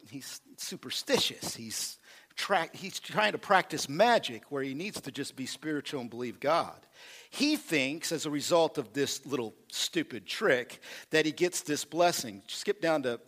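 A man preaching with animated energy, leaning into call-and-response with his congregation. His voice sits a bit high and rises and falls widely as he drives home each point. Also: normal speed. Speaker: pastor. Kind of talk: sermon.

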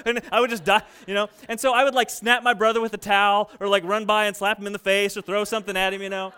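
A young adult man preaching a sermon, telling a story in an animated, conversational way to his congregation. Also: high-pitched, fast talker, hardly any pauses, smooth. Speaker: pastor. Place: church sanctuary.

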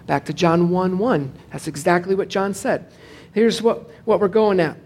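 A man, a pastor, preaching a sermon in a casual, digressive way, joking with the congregation and slowing down to stress scripture. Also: high voice, steady tone, a little mellow, a little hiss or hum. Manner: conversational and digressive, with jokes to the congregation.

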